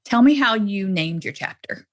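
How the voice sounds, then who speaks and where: A woman's voice: mid-range voice, expressive, normal speed. A woman with a Southern accent hosting a podcast interview, gushing and enthusiastic. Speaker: podcast host.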